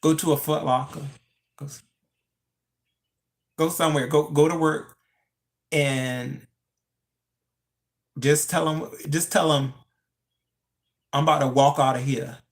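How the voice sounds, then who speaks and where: A live-stream commentator talking casually into a phone, chatting straight to the viewers and jumping up in pitch when teasing them. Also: steady tone, slow pace, pauses often.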